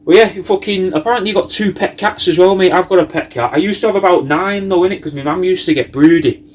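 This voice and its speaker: A man rambles through a loose comic monologue, swearing freely and tacking "mate" onto his lines. His voice sits a bit higher than most men's. He wanders from one tangent to the next. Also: quick pace. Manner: meandering, sweary, riffing loosely with lots of "mate". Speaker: comedy cameo host.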